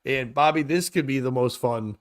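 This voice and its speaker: A man's voice: mid-range voice, normal speed. Male podcast host, 30s, casual and rambling, crude humor. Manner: rambling, jokey, swearing, often laughing. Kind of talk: casual comedy chat.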